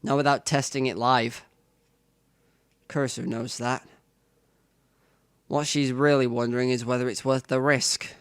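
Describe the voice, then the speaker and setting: A man's voice: mid-range voice, flat delivery, unhurried, pauses often, clear, resonant tone, no room sound, studio quality. A man playing through a visual novel, reading the narration aloud in first person with asides to the viewer. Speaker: let's player.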